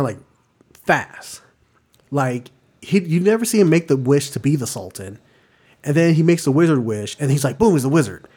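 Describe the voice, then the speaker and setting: A man co-hosting a movie podcast, chatting loosely and swearing freely. He sits at a middle pitch and keeps it lively, acting out scenes in goofy voices as he goes. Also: husky. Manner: animated, swearing, acts out movie lines in silly voices. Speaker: podcast co-host. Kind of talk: casual chat.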